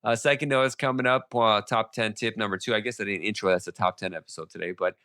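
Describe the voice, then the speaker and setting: Male podcast host, very low voice, quick and rambling, sore throat, close dry mic. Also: steady tone, pushed and bright, no room sound. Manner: fast-talking with many restarts and fillers. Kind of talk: casual monologue on legal updates.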